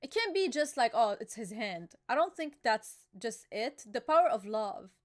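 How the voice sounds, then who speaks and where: A young woman hosting a casual live reaction chat, talking excitedly and emotionally with slang and lots of fillers. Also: fairly high pitch, normal speed. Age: young adult. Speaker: channel host reacting to a manga chapter.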